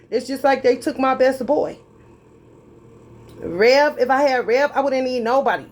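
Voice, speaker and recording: This tarot reader has a high, somewhat mellow voice and keeps a moderate pace. Speaking directly to her viewers, she delivers a heated, preachy reading full of profanity, drawling and hitting her points hard.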